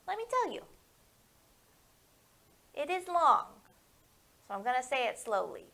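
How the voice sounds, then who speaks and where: A woman librarian leading a story time for young children, talking to them directly in a sing-song way and reading picture books aloud with slow care. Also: sits high, sing-song, vocal fry, bright, forceful tone.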